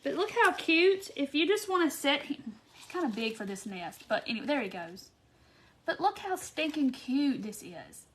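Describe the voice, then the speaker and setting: A woman with a slightly high voice hosts a casual craft live stream. She talks in a chatty, gushing way and reads her viewers' comments aloud as she works. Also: very animated, normal speed, a little hiss or hum. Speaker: craft tutorial host.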